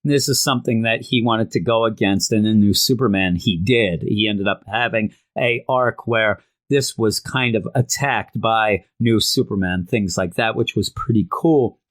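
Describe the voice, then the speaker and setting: A man casually reviewing an old comic book, rambling and retelling the story with animated asides. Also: fairly low pitch, normal speed, hardly any pauses.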